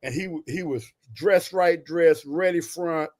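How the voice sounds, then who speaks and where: A man in his sixties from Texas tells stories from his military career as a podcast guest. His voice sits fairly high for a man and is animated and folksy, with lots of "you know" and "right?". He is a retired soldier talking to an interviewer. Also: slow pace.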